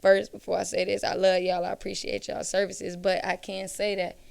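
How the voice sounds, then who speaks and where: A young woman barber chats casually about her work. Her voice carries a gravelly, creaky edge. She tells her stories with animation, slipping into the voices of her clients as she goes. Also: mid-range voice, moderate pace. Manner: animated storytelling, acts out clients' lines. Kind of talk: casual conversation.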